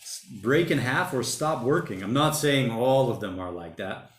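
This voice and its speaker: Livestream host, male, mid-pitched, rambling and slangy, reading chat aloud in a roomy, echoey space. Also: lively intonation, moderate pace. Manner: rambling, chatty, uses slang like mate and bloody. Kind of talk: casual livestream chat reading viewer comments. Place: home during lockdown.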